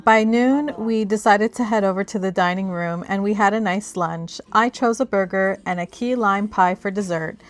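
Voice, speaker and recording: A woman reads the voice-over for a travel vlog. Her delivery is calm and matter-of-fact, in a mid-pitched voice. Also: normal speed, few pauses, soft background music. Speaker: travel vlogger. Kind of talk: scripted voice-over narration.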